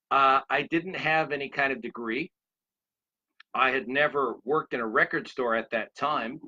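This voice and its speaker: Captured on a dull lo-fi recording, a sixty-something man with a sharp, mid-range voice delivers a motivational speech. He wanders from anecdote to anecdote, speaking straight to his audience.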